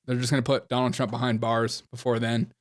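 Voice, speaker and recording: A man's voice: mid-range voice, completely flat delivery, brisk, dry recording, clean studio sound. A man hosting a casual political reaction show, sarcastic and often laughing between remarks. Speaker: host of a political commentary show.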